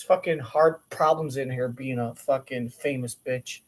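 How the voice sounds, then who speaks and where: Crude sarcastic commentator, swears a lot, mid pitched voice. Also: steady tone, measured pace, hardly any pauses. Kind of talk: mocking commentary.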